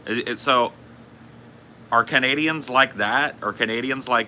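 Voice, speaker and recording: Chatting casually on a live stream, this man delivers a profane, wandering rant full of repetition and frequent coughs. His mid-range voice has a sharp tone at normal speed, with slight hiss or hum present.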